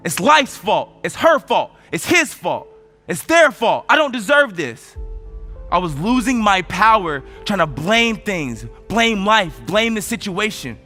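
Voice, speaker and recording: A man from the United States delivers a motivational talk with a high, bright, forceful voice. He tells stories with energy that swells as he goes. Soft music runs faintly underneath. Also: a little slow. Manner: energetic storytelling, voice rising with emotion. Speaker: motivational speaker. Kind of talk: motivational speech.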